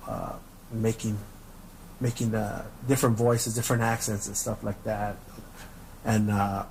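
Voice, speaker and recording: On a roughly recorded podcast with slight background noise, a middle-aged host tells meandering, foul-mouthed stories and keeps repeating himself. His voice sits at medium pitch with a darkish tone.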